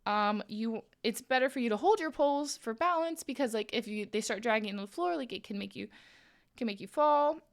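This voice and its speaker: A young woman chats on her live stream, her voice sitting a little high. She tells stories in a loose, animated way, full of "like"s and acted-out bits of what people said. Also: a little fast. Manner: chatty, animated, many "like"s, acts out quoted voices. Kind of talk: casual storytelling chat. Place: home streaming setup, crafting while talking.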